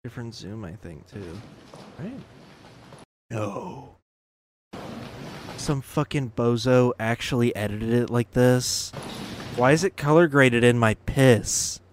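A man hosting a podcast, reacting to news clips in an excitable, profane, casual way. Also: mid-range voice, takes it slowly, long pauses, slight background noise. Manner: excitable, profane, laughs a lot. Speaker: podcast host.

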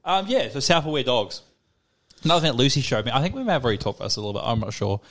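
A man's voice: mid-range voice, sing-song, racing, fairly bright tone. A young man co-hosting a podcast in casual chat, rambling and swearing, with lots of filler words. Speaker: podcast co-host.

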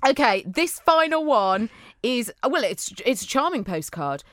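A woman's voice: a little high, big pitch swings, a little slow, background noise. A woman from England co-hosting a podcast, chatting casually and teasing while she goes through listener mail. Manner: chatty, warm-hearted teasing. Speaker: podcast co-host.

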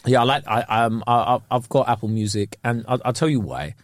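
A young man, co-hosting a podcast in casual chat, animated and fond of mimicking voices. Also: mid-range voice, fairly quick, dry recording, studio quality. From England. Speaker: podcast co-host.

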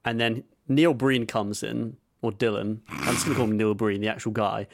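A man's voice: lowish voice, steady tone, normal speed, creaky. A man hosting a podcast, retelling a film in casual chat, rambling and laughing as he goes. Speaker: podcast host.

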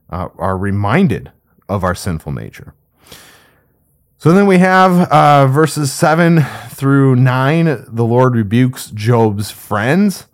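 A man leading an informal Bible study, talking loosely and conversationally as he walks through the text verse by verse. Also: fairly low pitch.

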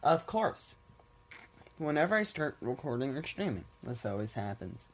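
A man's voice: mid-range voice, big pitch swings, moderate pace. A man hosting a casual solo podcast at home with a stuffy nose, rambling, laughing often and swearing offhandedly. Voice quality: congested, nasal. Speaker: podcast host. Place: at home with his cats.

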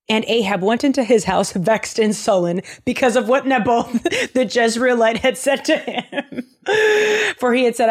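A woman's voice: a little high, expressive, moderate pace. Chatty woman retelling bible stories. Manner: chatty, joking, many fillers. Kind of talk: casual bible storytelling.

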